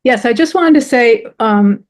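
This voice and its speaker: A woman's voice: a little high, animated, measured pace. A woman telling a personal story with earnest emotion, often restarting her sentences. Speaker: presenter.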